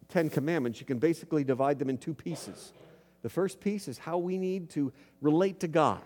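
A man preaches an earnest sermon in a church, reading scripture and asking the congregation questions. His voice sits a little higher than most men's. A long reverb trails each phrase through the sanctuary. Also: normal speed, darkish tone. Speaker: pastor.

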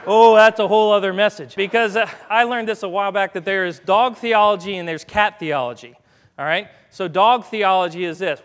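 A man's voice: sits high, a little fast, a bit bright, in a large hall. A man giving a chatty, folksy sermon and calling commands to a dog as he speaks. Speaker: guest preacher. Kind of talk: conversational sermon with live dog demonstration. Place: church sanctuary.

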